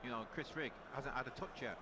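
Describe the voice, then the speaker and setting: A man's voice: mid-range voice, fairly quick, background noise. A man chatting as a co-commentator, giving a supporter's match analysis and leaning on "you know" a lot. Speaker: co-commentator and fan pundit.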